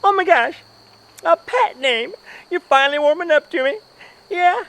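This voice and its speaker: A cheeky, teasing sidekick companion, put on by a performer in a homemade comedy sketch. The voice sits high and bright, drawling and giggly, with pitch bouncing up and down. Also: animated, normal speed, exaggerated voice, rough recording.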